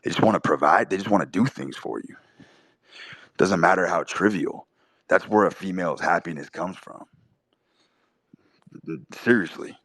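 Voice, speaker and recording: A man's voice: low-pitched, moderate pace, pauses often, fairly bright tone, slightly rough, no echo. A man delivering a blunt, profane, opinionated monologue, hammering his points home by repeating them. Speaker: podcast host.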